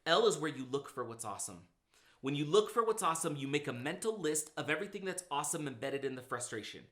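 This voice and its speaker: Man, motivational speaker, bright and slightly high voice, acts out his own inner talk when telling a story. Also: lively intonation, fast talker. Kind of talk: casual podcast conversation.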